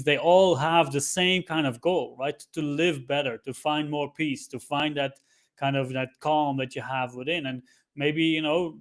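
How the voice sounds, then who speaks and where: A man speaking as a podcast guest in a reflective, earnest way, often checking in with "right?". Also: a little high. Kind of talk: casual podcast chat.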